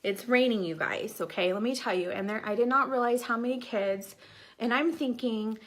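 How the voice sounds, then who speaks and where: A woman's voice: fairly high pitch, moderate pace, a bit bright. Chatty woman rambling through her story. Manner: rambling, many "like" fillers and restarts. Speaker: vlogger telling her life story. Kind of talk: casual storytelling.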